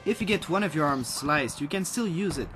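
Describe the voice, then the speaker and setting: A man's voice: fairly high pitch, expressive, fairly quick. A man narrating a scripted retro game review in a wry, blunt and casually crude way. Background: game music.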